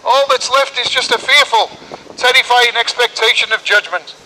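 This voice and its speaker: A man's voice: very high voice, normal speed, sharp tone, rough recording. A man preaching an open-air sermon on a town street, urgent and full of repeated rhetorical questions.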